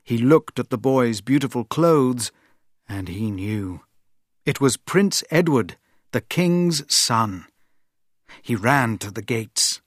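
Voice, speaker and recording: Man, scripted textbook story narration, slow, lively intonation, dry studio sound. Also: mid-range voice, no echo. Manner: expressive, clear storyteller.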